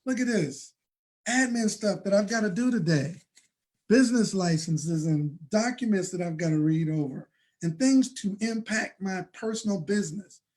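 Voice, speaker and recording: A man's voice: sits high, lively intonation, normal speed, a little mellow. A man giving an emphatic, preachy motivational talk on a live stream from his home office desk, repeating phrases for effect. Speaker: network marketing promoter.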